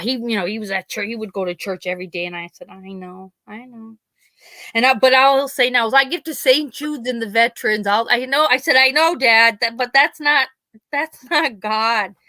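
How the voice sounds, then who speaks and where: Her voice is mid-range with a sharp tone, and there's no echo. She's a podcast host from Pennsylvania, by accent, chatting casually through rambling stories about her family and performing the things her relatives said.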